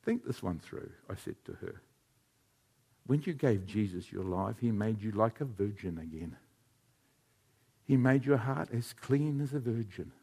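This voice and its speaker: A man preaching a sermon, telling stories and speaking to listeners by name. He drops to hushed, quiet passages and then rises to loud, shouted climaxes. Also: on the low side, animated, a little slow, pauses often, husky. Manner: addresses listeners by name, tells anecdotes.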